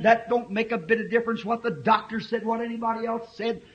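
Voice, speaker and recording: A man in his fifties preaching a fiery sermon, impassioned and now and then breaking into shouts. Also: very high-pitched, fairly even intonation, fast. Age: 50s. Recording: dull lo-fi old tape recording.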